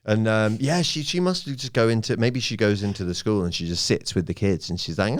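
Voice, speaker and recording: A man's voice: fairly low pitch, brisk, hardly any pauses. A young man in casual podcast chat, telling rambling, self-mocking stories into a studio microphone. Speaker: guest comedian.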